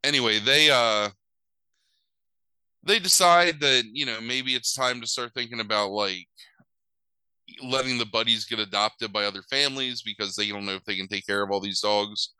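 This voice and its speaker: Bright, crisp man giving a rambling recap. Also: medium pitch, normal speed, no room sound, low-quality recording. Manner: rambling, full of "like" and "um", wry asides. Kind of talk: casual movie recap.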